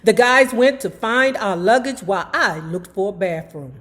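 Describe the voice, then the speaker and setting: A woman's voice: medium pitch, moderate pace. A woman reading a memoir aloud in first person, stopping now and then for chatty asides to her viewers. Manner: animated, breaks off to talk to viewers.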